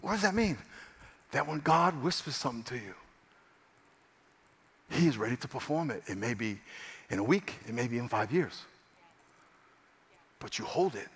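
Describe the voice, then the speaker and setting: A male pastor preaching a sermon, emphatic and repetitive, swinging between loud stress and hushed passages. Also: medium pitch, animated, moderate pace, long pauses, slightly rough, in a large hall. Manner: repeats phrases for stress.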